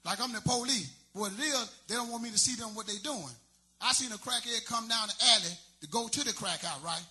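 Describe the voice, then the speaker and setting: High, bright-voiced male stand-up comic. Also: brisk. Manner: loose, rambling storytelling with street slang. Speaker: stand-up comedian. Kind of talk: stand-up comedy set.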